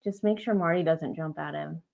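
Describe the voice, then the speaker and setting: A woman's voice: sits low, normal speed, gravelly, darkish tone. A woman co-hosting a livestream, making short, dry remarks in casual chat. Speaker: livestream co-host.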